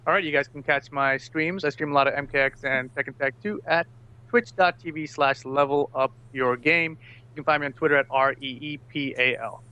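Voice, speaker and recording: Bright-voiced man telling a story on a podcast. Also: fairly high pitch, steady tone, a little fast, smooth, dull audio. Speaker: podcast guest. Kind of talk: casual chat.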